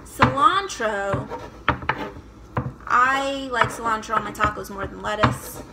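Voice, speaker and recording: Playful high-voiced woman in a noisy kitchen. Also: slow. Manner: playful, sings silly chopping chants, swears casually. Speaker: comedian cooking vlogger. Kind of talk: casual cooking vlog. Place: home kitchen.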